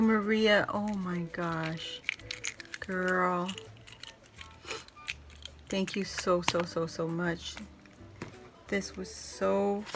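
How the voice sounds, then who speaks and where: A woman vlogger chatting casually to the camera as she unboxes gifts, gushing and effusive, laughing often and exclaiming in delight. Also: medium pitch. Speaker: craft vlogger opening gifts.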